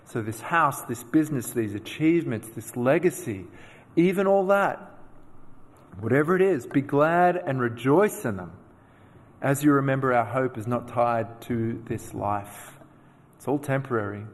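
A man preaching a sermon, telling personal stories with animated, self-deprecating asides. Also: medium pitch, normal speed, long reverb tail. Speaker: pastor.

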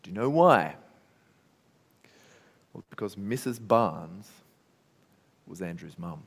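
A man's voice: low voice, lively intonation, slow pace, gravelly, husky. A man with an Australian accent preaching a sermon, telling stories in a conversational way. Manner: conversational storytelling. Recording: long reverb in a hall.

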